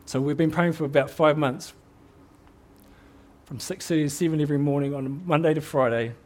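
Earnest New Zealand preacher, high-pitched man. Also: fairly even intonation, a little fast, a little mellow. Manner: earnest, exhorting, repeats words as he builds. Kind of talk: sermon.

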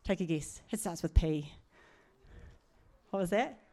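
A woman's voice: fairly low pitch, lively intonation, unhurried, warm tone. A middle-aged woman preaching in a chatty, earnest way, with asides and laughs. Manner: conversational, earnest, laughs often, many asides. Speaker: church speaker. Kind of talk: sermon.

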